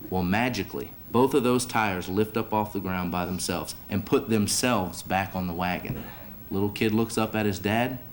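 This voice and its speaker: A man with a lowish voice hosts a banquet from a podium microphone. He talks in a folksy, easygoing way, full of little fillers and restarts. Faint hiss sits under the recording. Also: normal speed. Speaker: master of ceremonies, sports director. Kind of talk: ceremony hosting with a told joke. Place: banquet hall.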